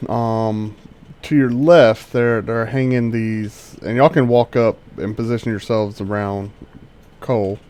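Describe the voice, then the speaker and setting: A man narrating a tabletop game as game master, halting and full of fillers and restarts. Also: on the low side, fairly even intonation, a little mellow.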